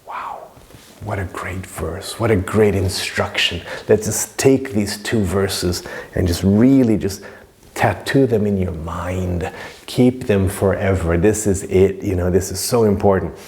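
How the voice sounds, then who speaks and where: Deep, gravelly man teaching scripture. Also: unhurried. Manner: emphatic and repetitive, drops at times to a soft hush. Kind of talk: informal lecture on scripture.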